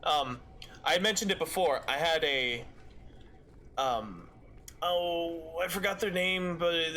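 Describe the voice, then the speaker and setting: On a game stream, a man speaks in a high, pushed, bright voice over a slight hiss or hum. His casual talk rambles, full of filler words and false starts.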